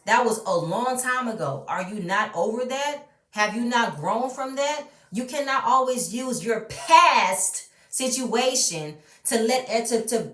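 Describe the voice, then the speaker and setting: A woman's voice: fairly high pitch, a bit bright. A woman ranting bluntly and with strong opinions while recapping a reality show, swearing freely. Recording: roomy, mic at a distance.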